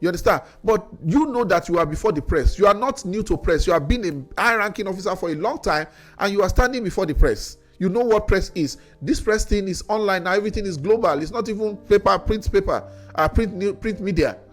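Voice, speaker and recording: Nigerian guy ranting on a talk video, quick and high, soft music underneath. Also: lively intonation. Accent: Nigerian English. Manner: critical, addressing an official directly with rhetorical questions; repeats words when worked up. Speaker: commentator. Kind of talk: opinion monologue.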